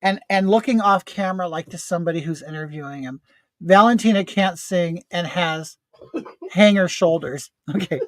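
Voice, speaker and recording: A man's voice: high-pitched, moderate pace, dry recording. A man, a drag queen host, gossiping sarcastically while doing makeup and reading viewer comments. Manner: reads viewer comments aloud. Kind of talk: casual makeup chat.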